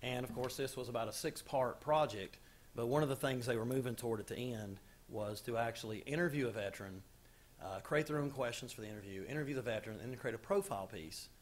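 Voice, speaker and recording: A man's voice: mid-range voice, fast. Male teacher introducing his students. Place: school board meeting room.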